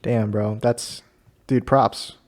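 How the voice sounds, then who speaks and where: A man's voice: lowish voice, fairly even intonation, takes it slowly. A man hosting a casual chat with a friend, easygoing and laughing often. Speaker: host.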